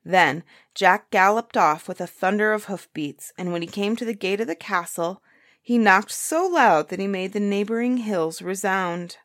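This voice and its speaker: A woman reading a fairytale aloud as storyteller, unhurried and expressive. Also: mid-range voice, no room sound, studio quality.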